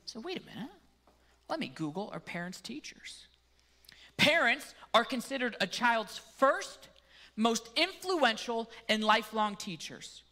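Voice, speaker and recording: Male pastor with a Canadian accent, bright and forceful, relaxed and jokey in the pulpit. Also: very high voice, a little slow. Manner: casual, joking asides. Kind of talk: sermon.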